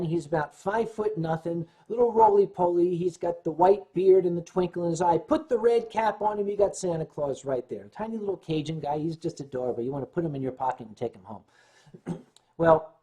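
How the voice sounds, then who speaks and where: Husky-voiced man telling a tipsy story. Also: high voice. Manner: animated storyteller who often clears his throat. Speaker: livestream host. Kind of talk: storytelling on a casual livestream.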